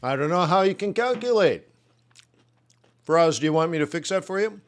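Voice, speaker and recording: A man's voice: on the high side, animated, fairly quick. A man hosting a live trading webinar, loosely musing on jobs data and answering viewers' questions in a joking way. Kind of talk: live market commentary to chat.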